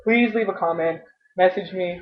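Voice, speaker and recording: A young adult woman venting in a personal vlog, frustrated and halting, often restarting her sentences. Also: fairly low pitch. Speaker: vlogger. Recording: dull lo-fi webcam audio.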